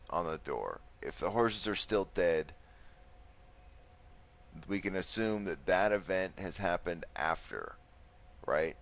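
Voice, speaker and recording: Man, deep voice; laid-back gameplay commentator who thinks aloud. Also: slow pace, pauses often. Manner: relaxed, thinks aloud, swears at enemies. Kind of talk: casual let's play commentary.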